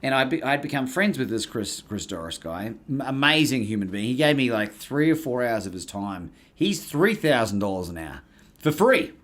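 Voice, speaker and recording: A man with an Australian accent, a podcast guest telling a story in casual, animated talk and acting out the people he quotes. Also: medium pitch, normal speed. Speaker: guest, courage coach.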